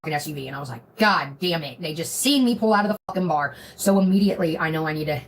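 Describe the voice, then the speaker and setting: A woman's voice: deep voice, rapid-fire, a little hiss or hum, low-quality recording. A woman on a live stream telling a rambling, profane story in casual chat. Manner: profane, rambling, animated retelling.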